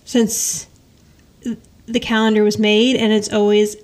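A woman's voice: medium pitch, measured pace. A woman co-hosting a podcast, chatting casually and laughing as she recaps a sitcom episode. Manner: animated, quotes characters in paraphrase, laughs often. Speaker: podcast co-host.

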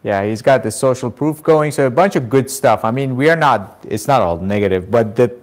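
A man's voice: mid-range voice, brisk. A man co-hosting a live show, giving short reactions and checking websites as they go. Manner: brief, agreeable reactions. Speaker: co-host browsing the websites. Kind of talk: live stream chat.

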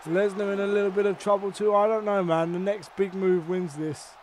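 Excitable high-voiced man gaming. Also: fairly quick. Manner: excitable, swears a lot, sudden loud outbursts. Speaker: gaming YouTuber. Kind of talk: excited let's-play commentary.

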